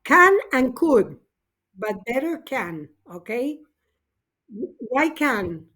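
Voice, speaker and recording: Slow-speaking woman teacher. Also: high-pitched, big pitch swings, fairly bright tone. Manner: encouraging, explains grammar slowly and switches to Spanish for glosses. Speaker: English teacher. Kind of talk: online class teaching.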